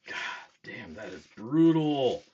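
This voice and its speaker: A man's voice: medium pitch, sing-song, slow, dark tone. Swearing, chuckling man on a lo-fi stream. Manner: profane, self-mocking, chuckling. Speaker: livestream host. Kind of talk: casual livestream chat. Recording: dull lo-fi stream audio, faint noise.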